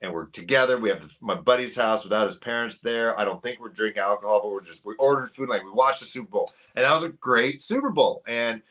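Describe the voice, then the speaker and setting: Man from canada, thirties, podcast guest, lively storyteller, acts out the voices he quotes. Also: medium pitch, fast, hardly any pauses. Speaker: podcast guest, sports YouTuber. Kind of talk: casual chat.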